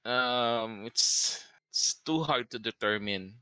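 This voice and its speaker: A man narrating as game master of a tabletop game, halting and full of fillers. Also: mid-range voice, sharp tone, clean tone, no echo, low-quality recording. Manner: halting, hesitant with many fillers.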